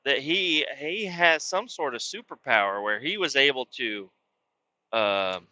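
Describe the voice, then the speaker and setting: A man's voice: medium pitch, expressive, unhurried, bright, forceful tone, no echo, lo-fi sound. A man hosting a podcast, telling a rambling, profane story in a casual monologue and jumping into quoted voices of the people in it. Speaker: podcast host.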